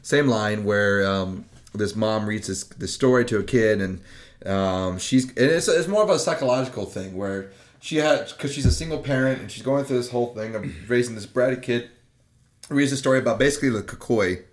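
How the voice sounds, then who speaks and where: A young man on a podcast, describing a horror film in a relaxed, rambling way. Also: mid-range voice, normal speed. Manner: laid-back, rambling with fillers. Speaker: podcast co-host. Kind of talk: casual chat, summarizing a film.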